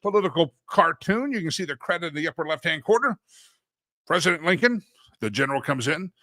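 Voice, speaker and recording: A man's voice: on the high side, expressive, a little fast, sharp tone, no room sound. A man hosting a talk show, chatting casually with a playful, sarcastic edge.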